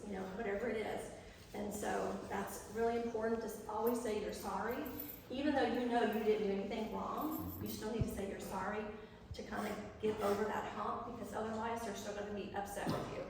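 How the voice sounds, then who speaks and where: Gravelly woman speaking in an echoey hall. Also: medium pitch, fairly even intonation, fairly quick, far from the mic, background noise. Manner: folksy, storytelling, with asides. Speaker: nurse presenter. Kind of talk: community talk on dementia care. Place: community meeting room.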